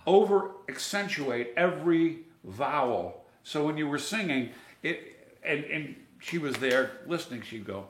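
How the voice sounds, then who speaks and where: A man's voice: a little high, expressive, a little slow, fairly bright tone, roomy sound. A man being interviewed, telling chatty stories about his singing lessons and sometimes singing a line to show a point. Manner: chatty, sings phrases to demonstrate. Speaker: interview guest. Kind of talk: storytelling interview.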